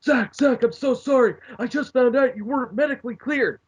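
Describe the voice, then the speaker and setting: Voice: sits high, fairly quick, slightly rough, pitched above the performer's own voice. A podcaster doing a snarling wrestling boss. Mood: mock apologetic. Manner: shouting, swearing rant. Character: snarling male wrestling boss, rude and smug. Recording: lo-fi online call.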